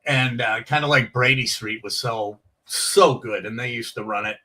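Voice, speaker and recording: Bright-voiced man telling stand-up stories. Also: mid-range voice, moderate pace, distant mic, rough recording. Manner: animated storyteller, acts out quoted voices. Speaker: comedian guest. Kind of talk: casual storytelling.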